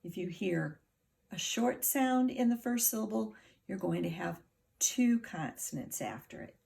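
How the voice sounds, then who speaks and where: A woman's voice: medium pitch, animated, a little slow, gravelly, darkish tone. A woman teacher giving a phonics lesson to children, patiently sounding words out syllable by syllable.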